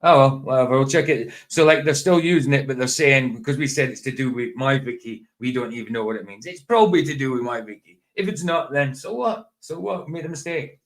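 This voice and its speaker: A man of middle pitch hosts a casual livestream. He rambles, laughs often and breaks off his sentences to restart them. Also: a little fast, hardly any pauses, low-quality recording. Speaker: livestream host. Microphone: streaming setup.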